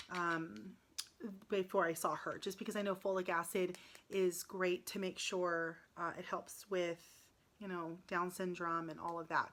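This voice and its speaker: A woman's voice: fairly low pitch, a bit bright, slight background noise. A woman in her late thirties talking in a casual personal vlog, upset and close to tears, with frequent ums and restarts. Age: 30s. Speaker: vlogger.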